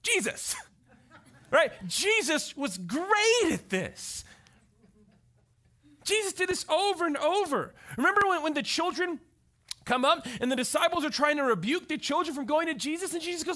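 A man preaching a conversational sermon as pastor, telling stories with animated delivery and often checking in with the crowd. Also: very high-pitched, normal speed. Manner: animated storytelling, often asks the crowd "right?".

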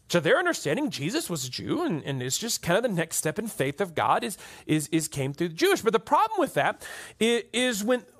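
Lively high-voiced man preaching a sermon. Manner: conversational, keeps asking "right?". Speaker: pastor. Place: church hall with an audience.

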